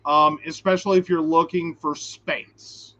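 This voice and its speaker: A man with a high, bright voice chats in a lively, animated way as co-host of a live stream. He reads out viewer questions between his stories. The audio is dull and lo-fi, like a video call. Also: measured pace. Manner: chatty, animated storytelling.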